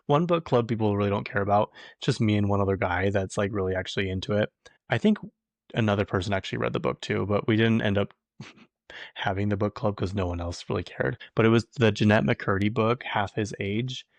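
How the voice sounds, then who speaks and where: A man with a somewhat low voice chats through a solo podcast in a loose, gossipy way. He laughs easily and often trails off mid-thought. The sound is dry and close, with no room echo. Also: creaky. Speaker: podcast host. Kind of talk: casual solo podcast chat.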